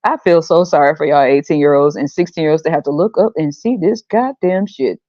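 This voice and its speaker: A woman's voice: low-pitched, brisk, warm tone, no room sound, highs cut off. A woman hosting a podcast, ranting bluntly and profanely, exasperated and often laughing. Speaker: podcast host.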